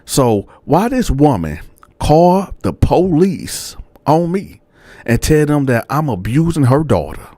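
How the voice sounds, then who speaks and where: Animated man telling a story to viewers. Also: on the high side, no echo. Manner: animated, addresses audience as y'all; slangy, colloquial. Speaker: storyteller host.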